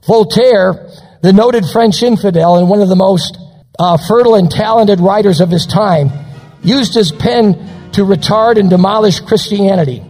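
A male pastor preaching a sermon, dramatic and slowing down for quotations. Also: high voice, darkish tone, long reverb tail, faint music behind, rough recording. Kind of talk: recorded sermon on radio.

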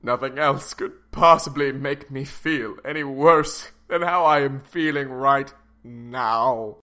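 A man's voice: medium pitch, slow pace, bright, forceful tone. A man voicing a pompous, melodramatic rich father in a comedy sketch.

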